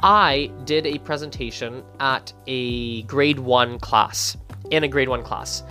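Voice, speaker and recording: A man talking casually into the camera for his language-learning channel. His voice sits at an everyday middle pitch, and his delivery is lively as he thinks out loud, circling back and restarting mid-sentence. Soft music plays faintly underneath. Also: slow pace. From Canada. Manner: thinking aloud, animated, frequent restarts.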